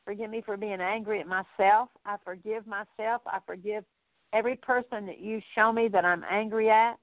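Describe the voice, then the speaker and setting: A woman's voice: mid-range voice, fairly even intonation, moderate pace, no echo. Woman praying over a tinny line. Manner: earnest, repetitive litany-like pleading. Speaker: minister leading prayer. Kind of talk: prayer of repentance. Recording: dry, phone-like narrow sound.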